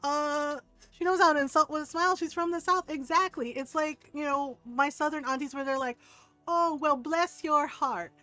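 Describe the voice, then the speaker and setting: High-voiced woman streamer, chatty and animated. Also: brisk, poor audio. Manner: animated storyteller, swears freely, laughs often, mimics relatives. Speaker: game streamer. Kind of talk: casual chat while gaming.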